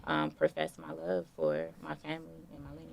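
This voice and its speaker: A young woman being interviewed, telling stories in a relaxed, casual way with plenty of fillers. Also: low voice, a little fast, vocal fry, slight background noise. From Detroit. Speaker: guest artist.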